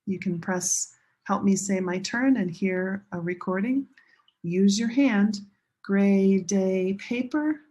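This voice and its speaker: A woman teaching English pronunciation to a class, slowly modeling sentence stress and repeating example sentences. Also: medium pitch, a little mellow, breathy edge. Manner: slow, drawn-out modeling of sentence stress with repetition. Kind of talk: classroom lesson demonstrating an app.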